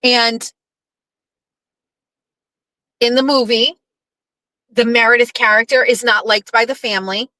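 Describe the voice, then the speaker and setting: Woman host, casual monologue, lively storyteller who acts out lines, crisp and forceful tone. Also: fairly high pitch, dry recording, low-quality recording. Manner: animated storyteller who acts out quoted lines, blunt and profane. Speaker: podcast host.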